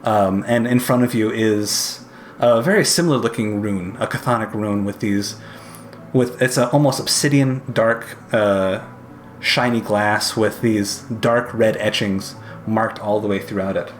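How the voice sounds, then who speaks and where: A man's voice: fairly low pitch, a little slow, reverberant, slight background noise. A man narrating a tabletop game as game master, descriptive and hesitant, with frequent fillers.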